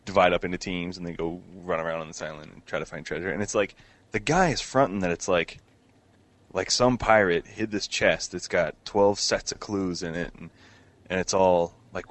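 A man's voice: sits low, normal speed. A man chatting casually, rambling and laughing, with lots of fillers and restarts. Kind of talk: casual chat.

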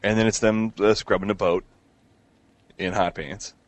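A man's voice: lowish voice, steady tone, moderate pace, dry recording. A man chatting casually, rambling and laughing, with lots of fillers and restarts. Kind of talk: casual chat.

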